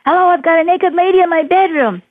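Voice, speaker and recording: Woman doing a panicked shrill male lawyer. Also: fast. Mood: frantic. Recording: tinny phone line.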